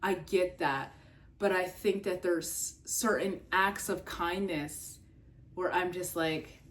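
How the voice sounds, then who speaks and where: A young adult woman vlogging in a casual, rambling way, full of fillers and swearing, jumping up in pitch when exasperated. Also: a little slow. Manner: filler-heavy, swears, trails off and restarts.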